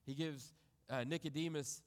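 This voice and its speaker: A man preaching a sermon, reading scripture aloud and reflecting on it in a measured way that trails off softly at the ends of phrases. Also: on the high side, steady tone, long reverb tail. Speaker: pastor.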